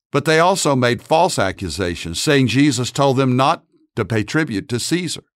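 A man's voice: mid-range voice, no echo, clean studio sound. A man giving earnest, explanatory commentary on scripture. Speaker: Bible teacher.

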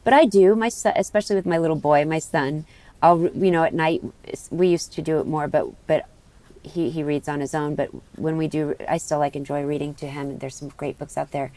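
A woman's voice: deep voice, a little mellow, no echo. A middle-aged woman from the United States, talking candidly as a guest in an interview, rambling with many restarts.

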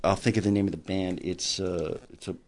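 A man's voice: low-pitched, fairly even intonation, fairly quick. A man on a podcast telling a rambling story and searching for names in casual chat. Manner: rambling storyteller, loses his words. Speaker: podcast co-host.

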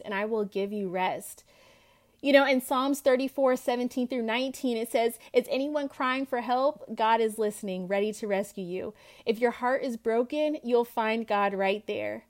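A woman hosting a faith podcast, sharing her personal testimony in an earnest, heartfelt way and quoting scripture. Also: fairly high pitch. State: tearful at times. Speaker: podcast host.

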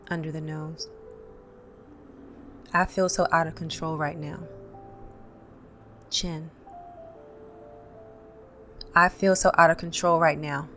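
A woman with a low voice and a touch of vocal fry leads a guided tapping session. She calmly names each tapping point and repeats affirmations for listeners to say after her. Faint music plays underneath. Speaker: tapping instructor.

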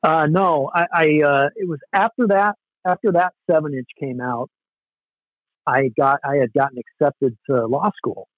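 A man's voice: a little high, unhurried, no room sound, muffled recording. A man, a former hardcore band musician, telling rambling, self-deprecating stories in a casual interview, with many "you know"s.

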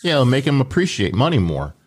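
A man's voice: medium pitch, sing-song, quick pace, husky. A man in casual chat who gives short replies and drops dry jokes.

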